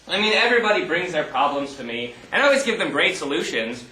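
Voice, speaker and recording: An actor in an amateur stage play playing a bored, clever analyst who talks in a mock-formal way and grows smug and scheming. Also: male voice, on the high side, big pitch swings, fast talker, bright, forceful tone, distant mic. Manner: mock-formal, musing aloud, gleeful when plotting. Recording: echoey hall.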